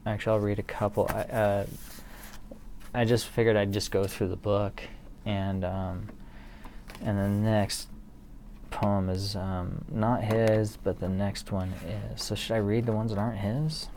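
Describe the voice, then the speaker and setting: A man's voice: on the low side, level tone, a little slow, a little mellow, a little hiss or hum. A man casually telling a rambling, profane story to an absent audience, laughing along at it, then reading poems aloud. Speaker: solo streamer or vlogger reading poems.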